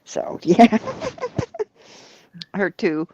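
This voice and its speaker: A woman's voice: on the low side, extremely slow, highs cut off, noisy background. A middle-aged woman hosting a casual chat, telling stories with acted-out quotes and frequent laughter. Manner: animated storyteller, acts out quotes, laughs often. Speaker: leatherworking livestream host.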